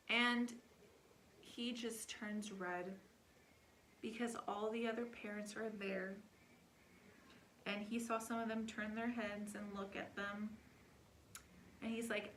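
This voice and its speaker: Casual storytime vlogger, young woman, chatty, rambling with fillers, mid-pitched voice. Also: slow, pauses often, slight background noise. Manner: chatty, animated, heavy with filler words.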